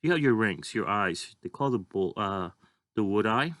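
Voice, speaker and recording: A man's voice: on the low side, lively intonation, moderate pace, a bit bright, no echo, clean studio sound. A man teaching a drawing lesson, talking casually and thinking aloud as he draws. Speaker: art teacher.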